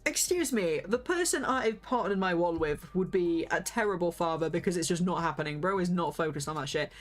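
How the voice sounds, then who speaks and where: A young woman livestreaming a game, chatting excitably and animatedly, swearing and leaping up in pitch when worked up. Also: moderate pace, faint music behind. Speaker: streamer. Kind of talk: casual gaming livestream chat.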